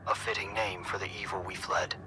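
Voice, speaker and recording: A man's voice: low-pitched, level tone, fairly quick, noisy background, lightly acted. A man voicing a solemn, droning male spirit with a British accent, in a horror story reading. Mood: grave.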